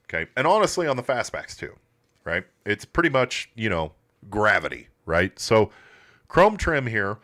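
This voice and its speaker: A man with a lowish voice whose pitch jumps around in lively swings hosts a loose livestream from his auto shop. He talks in a blunt, laid-back way, peppered with swearing. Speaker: host of a classic car livestream. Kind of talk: casual live commentary.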